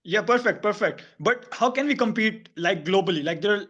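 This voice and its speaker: A man's voice: high voice, animated, fairly quick, a bit bright. A man from Pakistan asking questions on a video call, hesitant and full of "like". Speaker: caller. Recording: dull lo-fi video call audio.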